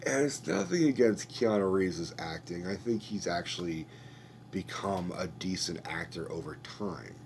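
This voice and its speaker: Deep-voiced man ranting about a movie. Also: lively intonation, a little slow, creaky, darkish tone, a little hiss or hum. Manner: rambling, profane, conversational. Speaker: podcast host. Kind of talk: casual movie review rant.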